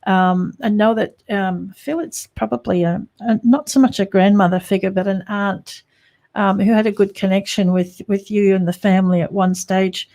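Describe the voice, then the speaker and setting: A woman giving a psychic reading on radio, measured and encouraging, with many hesitations. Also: medium pitch, fairly even intonation, darkish tone.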